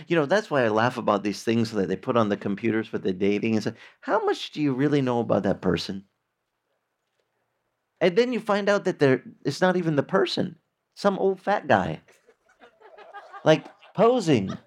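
A man preaching a sermon in a lively, conversational way, acting out little quotes as he goes. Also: mid-range voice, normal speed. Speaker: pastor.

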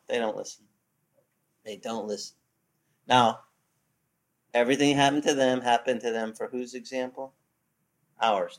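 A man giving an informal Bible teaching, animated and repetitive, acting out the voices he quotes. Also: medium pitch. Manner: animated, acts out quoted voices, many restarts. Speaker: pastor.

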